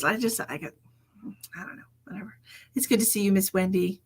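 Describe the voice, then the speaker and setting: A woman's voice: medium pitch, animated, moderate pace, pauses often, husky. Chatty woman doing live psychic readings. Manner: chatty, laughs often, drops into whispered asides. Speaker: psychic medium. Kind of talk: live-streamed psychic readings, casual chat.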